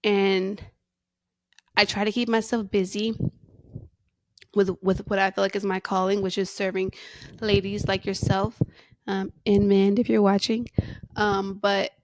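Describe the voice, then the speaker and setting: A woman hosting a faith podcast, speaking candidly and emotionally about her struggles, close to tears, with restarts and soft laughs. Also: medium pitch, level tone, unhurried, pauses often, no room sound. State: near tears. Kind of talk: personal reflective monologue.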